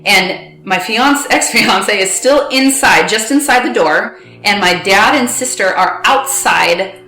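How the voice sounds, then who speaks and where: A young woman recounting a painful personal story in a halting way, acting out bits of dialogue. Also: mid-range voice, sharp tone, soft background music. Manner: halting, replays dialogue in quotes. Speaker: guest recounting her story. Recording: roomy echo.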